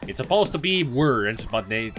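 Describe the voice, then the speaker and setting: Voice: medium pitch, expressive, moderate pace, noisy background. A gamer chatting casually while playing, with rambling, self-mocking asides. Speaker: let's play gamer. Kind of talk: casual let's play commentary.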